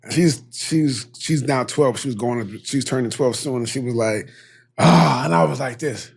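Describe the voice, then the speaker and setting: A man chatting casually as a podcast co-host, telling a lively story and mimicking others, often laughing. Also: medium pitch, normal speed, creaky, slightly rough. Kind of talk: casual chat.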